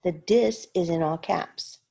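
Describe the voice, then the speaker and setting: A woman's voice: lowish voice, unhurried, gravelly, warm tone, slightly rough. A woman teaching a recorded lesson, carefully sounding out words syllable by syllable. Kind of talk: slow recorded lesson walkthrough.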